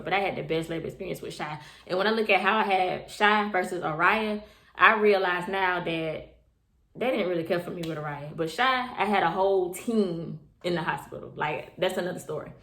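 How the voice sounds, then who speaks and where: Chatty young mom, low voice, echoey room. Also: female voice, a little fast, a bit bright. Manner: chatty, repeats herself, addresses viewers as y'all. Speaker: mother telling her birth story. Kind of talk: casual storytelling to camera.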